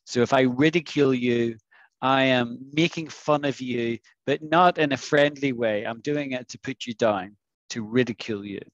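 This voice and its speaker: A man teaching an English vocabulary lesson in an online class, patiently coaxing students and modelling pronunciation slowly. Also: mid-range voice, dry recording, dull audio. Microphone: video call.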